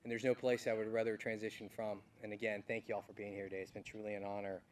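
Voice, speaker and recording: A man's voice: fairly low pitch, level tone, quick pace, a little hiss or hum. Middle-aged man giving an earnest farewell speech, distant mic. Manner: heartfelt, earnest thanks with folksy asides. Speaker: departing army general. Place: outdoor military ceremony field.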